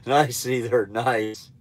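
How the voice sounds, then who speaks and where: A man with a nasal, stuffed-up voice chatting casually on a live stream, answering viewers in a laid-back, blunt, rambling way. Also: mid-range voice. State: stuffy nose. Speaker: truck driver trainer livestreaming.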